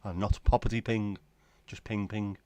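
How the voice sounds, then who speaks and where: Wry British man, low voice, dry sound. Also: little pitch movement, normal speed, a little mellow, dry recording. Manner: rambling, wry, talks to himself. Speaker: livestream host. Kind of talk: casual late-night chat with viewers.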